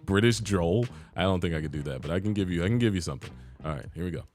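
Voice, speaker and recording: A man co-hosting a casual podcast, joking around and breaking into loud laughs. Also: low voice, lively intonation, rapid-fire. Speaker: podcast co-host. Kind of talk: casual chat.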